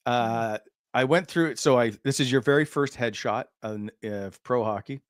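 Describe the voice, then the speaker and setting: A man's voice: mid-range voice, normal speed, clear, resonant tone, no room sound, clean studio sound. A man hosting a casual sports interview, jokey and stumbling through his questions. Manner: jokey, stumbling, lots of restarts. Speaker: host.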